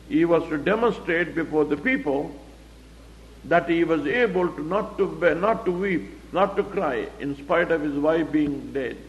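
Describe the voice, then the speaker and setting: A man teaching the Bible verse by verse, explaining it plainly and asking rhetorical questions. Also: fairly high pitch. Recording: echoey hall, dull lo-fi recording.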